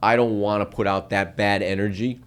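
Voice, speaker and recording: Low-voiced older man, emphatic podcast host. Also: fairly even intonation, a little fast, smooth. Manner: emphatic, punctuates points with "okay?". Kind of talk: casual podcast conversation.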